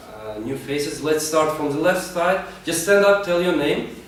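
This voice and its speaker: A man's voice: on the high side, lively intonation, measured pace. Man chairing a meeting in an echoey room. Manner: hesitant, with frequent fillers and restarts. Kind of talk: informal club introduction. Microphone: distant room mic. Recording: very echoey room recorded from far off, with noise.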